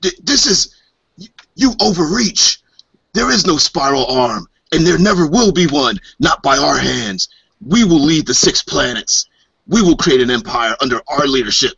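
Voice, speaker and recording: A man's voice: expressive, unhurried, bright, forceful tone, slightly rough, no echo, muffled recording, exaggerated voice. Man doing a proud defiant alien commander. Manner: raised, declamatory, pitched up.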